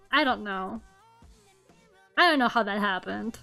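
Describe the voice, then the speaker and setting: A young woman with a light Russian accent, chatting casually on a stream, self-mocking and quick to laugh loudly. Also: medium pitch, animated, gravelly, soft background music. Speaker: Vtuber streamer. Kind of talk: casual chat while drawing. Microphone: streaming microphone at home.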